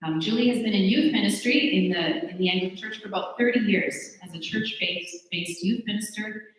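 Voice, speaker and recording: A woman's voice: mid-range voice, fairly quick. A woman giving earnest introductory remarks for a speaker at a church conference, with frequent "um" fillers. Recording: very echoey hall with long reverb.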